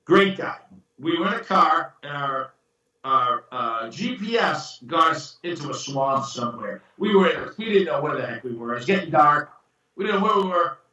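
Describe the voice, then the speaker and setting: Man, interview guest, animated anecdotes, bright tone, echoey, distant mic. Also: a little high, normal speed, lo-fi sound. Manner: animated storyteller, acts out quoted voices. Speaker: screenwriter and producer guest. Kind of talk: casual interview chat.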